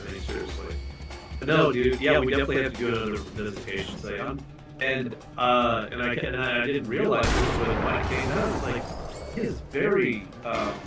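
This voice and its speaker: An American man from Arizona, joking and telling animated stories as co-host of a casual stream. He sits well back from the mic, and his voice rings out in a very echoey room. Faint music plays behind him. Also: mid-range voice, normal speed, distant mic. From Arizona, USA. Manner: animated, joking storyteller who acts out voices. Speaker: co-host guest. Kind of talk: casual livestream chat.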